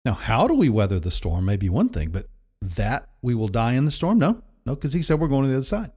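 A man's voice: mid-range voice, big pitch swings, fairly quick, darkish tone, slightly rough. A man preaching a sermon in a conversational, emphatic way, often repeating himself for effect. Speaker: pastor.

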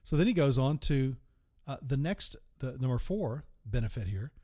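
Expressive and dark-toned, a mid-range male voice preaches from the Bible with earnest conviction. He addresses the listener with direct questions and lingers slowly on key words.

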